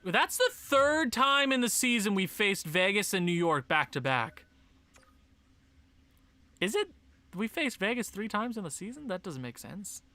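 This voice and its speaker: A man giving casual, excitable commentary on a hockey video game, talking to his players and breaking into shouts and laughter. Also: high-pitched, no room sound. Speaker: gaming YouTuber.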